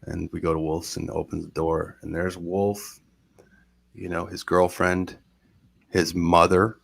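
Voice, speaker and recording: A man with a very low, gravelly voice recounts a personal story in a loose, rambling way. He keeps stopping to act out what other people said, and his sentences pile up with false starts as he goes. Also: measured pace. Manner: rambling, animated retelling with quoted voices. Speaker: guest storyteller. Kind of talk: casual storytelling on a live show.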